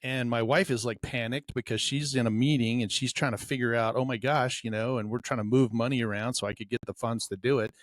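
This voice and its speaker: Rich: A man at a middle pitch tells a story on a podcast in a relaxed, chatty way. He slips into the voices of the people he quotes. The sound is dry and close, with no room echo. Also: brisk, hardly any pauses. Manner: storyteller who acts out quoted dialogue. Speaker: podcast co-host. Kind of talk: casual podcast chat.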